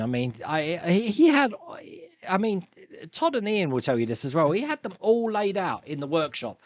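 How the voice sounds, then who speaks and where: A man's voice: fairly high pitch, no echo. A man hosting a live stream, chatting casually and rambling through viewer comments with frequent laughs and restarts.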